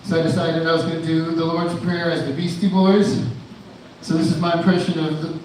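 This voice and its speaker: A man's voice: fairly high pitch, level tone, fairly quick, a little mellow, a little hiss or hum. A man doing a live stand-up set at a bar, rambling and loose with many fillers and restarts. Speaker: stand-up comedian. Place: indoor bar venue. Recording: echoey room, mic at a distance.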